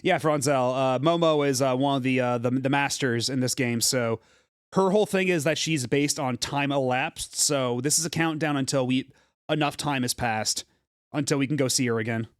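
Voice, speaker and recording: A man's voice: mid-range voice, normal speed, clean tone, no room sound, clean studio sound. A man streaming a video game, chatting casually in a rambling way with many fillers. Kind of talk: casual gameplay commentary.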